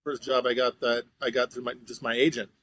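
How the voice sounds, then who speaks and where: A man's voice: medium pitch, level tone, a little fast, fairly bright tone. A man, a TV comedy writer, chatting casually as a guest in a dry, understated way. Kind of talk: casual chat.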